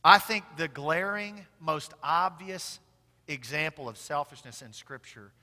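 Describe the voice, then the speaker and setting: A male pastor with a high, bright, ringing voice. He preaches in a church sanctuary, rising to loud emphatic peaks and then dropping to hushed asides. The voice trails off into a long hall reverb. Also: measured pace. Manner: swings from loud emphatic declarations to quiet intimate asides. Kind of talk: sermon.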